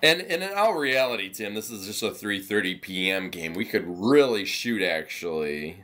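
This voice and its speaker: Young guy, lowish voice, playful co-host of a sports chat, breaks into loud announcer shouts. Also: lively intonation, moderate pace. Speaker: co-host of a sports picks show.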